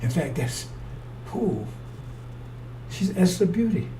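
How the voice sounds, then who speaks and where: A man's voice: high-pitched, big pitch swings, slow, warm tone. A man preaching a rambling, fiery sermon in a blunt, profane way. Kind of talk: fiery street-style sermon. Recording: distant mic with faint noise.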